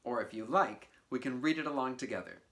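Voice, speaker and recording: Recorded at home for a virtual class, a woman teaching artist leads children through a playful, encouraging poetry lesson, addressing them directly. Her bass voice is expressive and fast.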